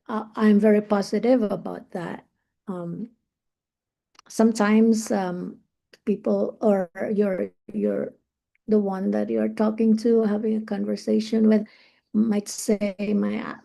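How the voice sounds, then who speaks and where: A woman teaching English on a live stream, relaxed and thinking aloud, slowing down on each phrase she teaches. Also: medium pitch, creaky.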